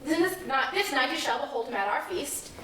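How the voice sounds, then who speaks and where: A woman playing a stately noble mother who speaks formally and briskly, in a stage play. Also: high voice, expressive, a crowd in the background. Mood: persuasive. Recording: echoey stage miked from far off.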